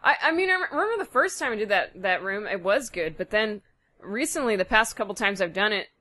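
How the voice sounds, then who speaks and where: Bright-voiced comedian woman. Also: mid-range voice, fairly quick. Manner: lively, mimics voices in stories. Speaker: comedian guest. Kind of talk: casual comedy chat.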